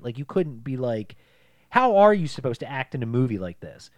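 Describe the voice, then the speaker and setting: A man's voice: mid-range voice, sing-song, moderate pace, darkish tone, no echo, studio quality. A man co-hosting a casual podcast movie review, talking animatedly, swearing and acting out lines from the film. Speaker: podcast co-host.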